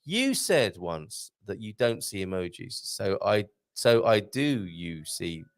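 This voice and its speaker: A man hosting a live online show, rambling excitably to viewers and reading the chat. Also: on the low side, slow. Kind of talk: casual live-stream chat.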